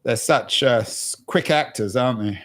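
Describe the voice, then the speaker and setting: A man's voice: medium pitch, normal speed, fairly bright tone. A man hosting an interview podcast, wry and joking, often restarting his sentences. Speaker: podcast host. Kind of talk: conversational interview.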